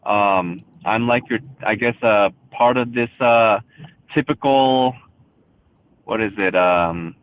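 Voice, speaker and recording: A man's voice: fairly low pitch, slow, smooth. Hesitant man on a tinny phone line. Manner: hesitant, many ums and uhs. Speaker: caller.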